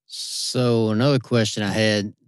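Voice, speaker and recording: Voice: mid-range voice, fairly even intonation, measured pace, clean tone, no echo, clean studio sound. An interview host asking questions in a friendly, casual way.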